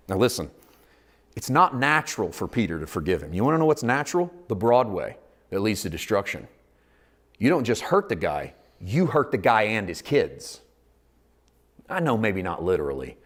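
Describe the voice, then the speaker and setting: A male pastor preaching a sermon in an animated way, acting out quoted voices and rising to emphatic bursts. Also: lowish voice.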